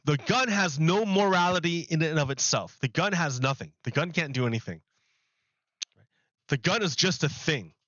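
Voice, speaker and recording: Man streamer, a bit high and bright, restarts his sentences a lot, dry and slightly dull mic. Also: expressive, normal speed, dry recording. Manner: rambling, repeats and restarts phrases while building an argument. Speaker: livestreamer. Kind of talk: casual live-stream talk to chat.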